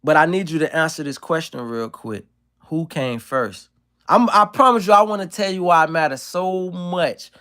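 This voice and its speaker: A man's voice: high voice, expressive, a little fast, hardly any pauses, pushed and bright, clear, resonant tone. A man streaming live, delivering a provocative, profane and emphatic monologue to his chat.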